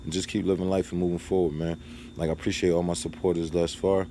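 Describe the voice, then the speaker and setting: A man's voice: deep voice, little pitch movement, fast talker, dark tone, a little hiss or hum. A man talks casually to camera in a vlog, rambling through a story and drifting into advice. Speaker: vlogger.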